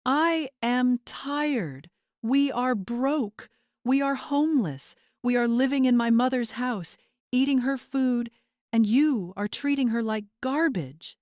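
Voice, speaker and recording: A woman's voice: on the high side, measured pace, a little mellow, no echo, dull audio, pitched above the performer's own voice, natural voice. A woman voicing a tearful grown son, voice cracking. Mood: anguished. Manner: voice cracking, emotional.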